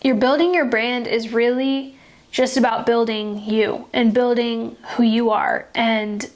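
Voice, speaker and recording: A woman's voice: a little high, steady tone, measured pace. A young woman hosting a podcast, talking earnestly and emotionally about faith and kindness, often restarting her sentences. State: tearful at times. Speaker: podcast host. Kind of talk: personal faith-based podcast talk.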